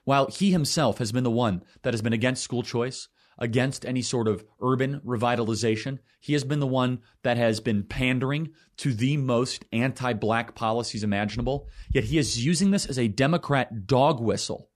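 Young male host, heated commentary, combative, punches up with rhetorical questions, mid-pitched voice. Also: normal speed, few pauses. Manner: combative, rhetorical questions, rising emphatic bursts. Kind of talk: heated political monologue.

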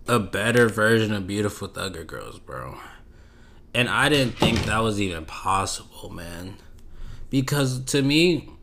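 A man's voice: medium pitch, fairly bright tone. Laid-back rambling male podcaster. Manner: laid-back, rambling, slangy, drifts off topic. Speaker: podcast host. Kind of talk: casual solo podcast chat.

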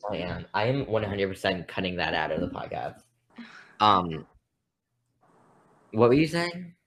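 A woman's voice: extremely low pitch, expressive, measured pace, a crowd in the background. A woman co-hosting a podcast in casual chat, rambling and self-deprecating as she talks. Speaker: podcast co-host.

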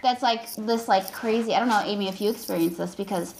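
A woman's voice: mid-range voice, a little fast, vocal fry, over a noisy crowd, low-quality recording. A tired woman in her thirties, a podcast guest, telling profane, rambling stories full of acted quotes in casual chat.

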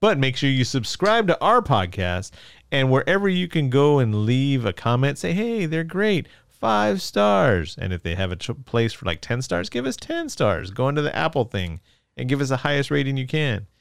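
A man's voice: medium pitch, big pitch swings, a little fast, creaky, clean tone, dry recording, clean studio sound. A man co-hosting a casual movie podcast, joking, laughing often and acting out quotes from the film. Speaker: podcast co-host.

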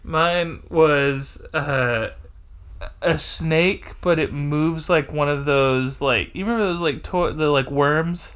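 A woman's voice: sits low, takes it slowly, clean tone. A woman co-hosting a podcast in casual chat, rambling and hesitant with many fillers. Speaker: podcast co-host.

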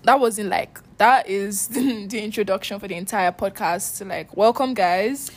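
A woman co-hosting a casual podcast, playful and quick to exclaim, laughing a lot. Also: medium pitch. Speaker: podcast co-host. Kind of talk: casual banter.

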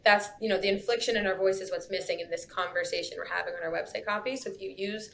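Young woman guest, casual podcast chat, chatty with quick asides, faint rumble behind. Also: steady tone, creaky. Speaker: guest copywriter.

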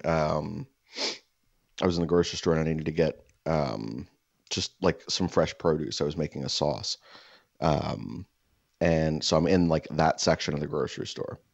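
A man's voice: a bass voice, a little slow, creaky, long pauses, dry recording. A man casually telling a long anecdote, full of "like" fillers, slipping into voices when he quotes people. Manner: rambling, heavy "like" fillers. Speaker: storyteller. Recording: dull, lo-fi dry sound.

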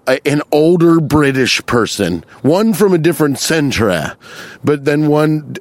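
Young adult male comedian, podcast monologue, profane rambling asides, medium pitch. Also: no room sound. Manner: profane, rambling, self-interrupting, quick asides.

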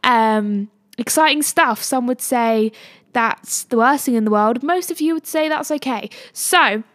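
A young woman hosts her podcast solo from a studio, her voice pitched a little high. She rambles in a gushing, emotional way. The sound is dry and close, with no room echo. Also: unhurried, a bit bright. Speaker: podcast host. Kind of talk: casual solo podcast chat.

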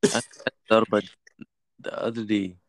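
A man co-hosting a casual podcast chat, bantering with quick, slangy reactions. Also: fairly low pitch, level tone, dry recording.

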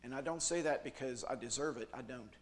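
A man speaking at a youth retreat, preaching a jokey, animated sermon with big swings in loudness. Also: mid-range voice, fairly quick, slight background noise.

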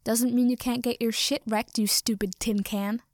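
Girl doing a snarling fanged guy, yelling fast, gravelly and dry. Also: on the high side, fairly even intonation, no echo, lightly acted. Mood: angry. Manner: yelled, rapid insults. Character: hot-tempered fanged young man yelling insults.

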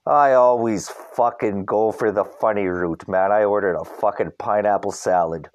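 A man's voice: lowish voice, moderate pace, darkish tone. A young man from Canada hosting a podcast, rambling in a casual rant and swearing constantly. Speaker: podcast host. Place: Vancouver.

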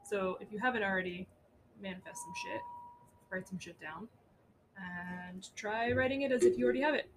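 A woman's voice: medium pitch, a little hiss or hum. A woman co-hosting a podcast, chatting casually about astrology and spirituality, swearing freely and laughing often. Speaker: podcast co-host. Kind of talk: casual chat.

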